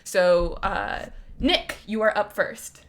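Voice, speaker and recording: Woman DM, chatty and brisk, jokes around, streamed game over video call. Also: mid-range voice, a bit bright. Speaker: dungeon master. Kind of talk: running a tabletop game stream.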